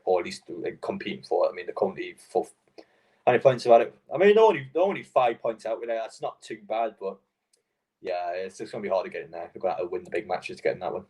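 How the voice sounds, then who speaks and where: A man's voice: sits low, a little mellow, husky. A young man hosting a live football stream, rambling and swearing in frustration between fillers. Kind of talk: casual football watchalong chat.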